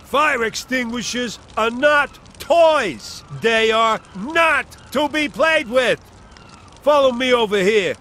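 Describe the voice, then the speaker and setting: A pompous cartoon fire chief barks orders at recruits. His voice sits very high and bright, with a faint hiss of background noise. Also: expressive, takes it slowly, heavily acted. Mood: bossy. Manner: pompous and bossy. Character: bossy jolly male fire chief. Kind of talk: animated cartoon voice acting.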